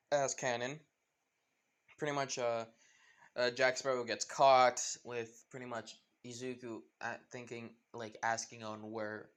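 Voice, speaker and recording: A man's voice: mid-range voice, fairly bright tone. A man casually retelling a fan story, rambling with many fillers and losing track of names.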